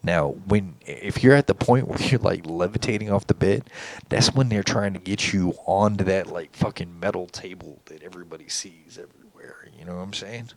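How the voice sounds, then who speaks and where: A man's voice: low-pitched, normal speed, a little mellow. A man telling a story in a casual monologue, rambling and intense, swearing often. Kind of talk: casual monologue recounting an encounter.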